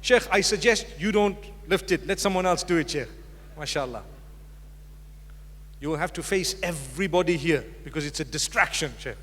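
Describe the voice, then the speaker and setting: High-voiced man preaching in a hall. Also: moderate pace, a bit bright. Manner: direct, humorous, addresses audience. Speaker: Islamic preacher. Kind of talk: public religious lecture. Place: lecture hall with live audience. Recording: long hall reverb from a lecture hall.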